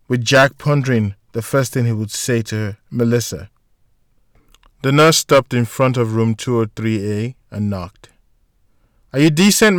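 Steady male audiobook narrator, dry sound. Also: mid-range voice, no room sound. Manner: steady, measured reading. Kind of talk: scripted narration.

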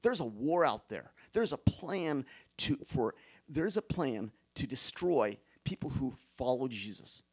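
A man preaching a sermon to a room of listeners, emphatic, asking rhetorical questions and now and then dropping to a hush. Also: medium pitch, big pitch swings, a little slow.

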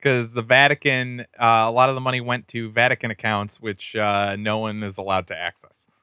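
Brief: male co-host, bright crisp voice, dry close sound, profane and sardonic. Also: mid-range voice, level tone, moderate pace, dry recording. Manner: profane, mocking. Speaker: podcast co-host. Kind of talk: casual podcast chat.

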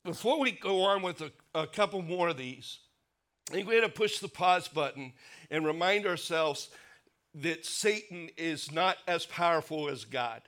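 Man, pastor, sermon, earnest, fairly high voice, soft low emphasis, rhetorical questions. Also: lively intonation, moderate pace.

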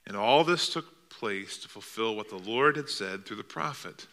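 A man's voice: fairly low pitch, animated, moderate pace, sharp tone. A male pastor preaching a sermon in a church, telling a story with vivid, dramatic delivery. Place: church sanctuary.

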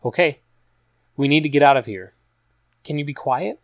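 A man voicing a caring, determined woman in a storybook reading who asks gentle questions and sometimes speaks in a hush. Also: a little high, normal speed, no echo, clean studio sound, pitched above the performer's own voice, close to an everyday voice. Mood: urging. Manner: gentle questioning, hushed at times.

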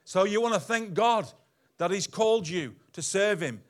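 Animated pastor, slightly high voice. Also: male voice, moderate pace. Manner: animated preaching with big swings in loudness. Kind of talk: sermon. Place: church hall.

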